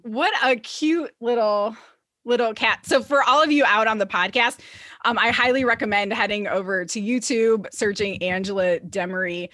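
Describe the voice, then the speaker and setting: A woman's voice: fairly high pitch, normal speed, a bit bright, no room sound. Bubbly podcast host woman, dry sound. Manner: bubbly, laughs often, acts out her own thoughts. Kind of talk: casual podcast chat.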